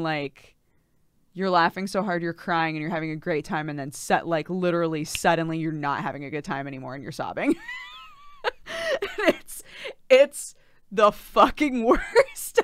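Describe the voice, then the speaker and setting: A young woman streams and chats casually, her voice smooth and a little low, laughing often as she talks. She is recorded close and dry on a desk mic. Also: fairly bright tone, no room sound. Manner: chatty, frequent laughter, lots of fillers. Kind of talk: casual live-stream chat.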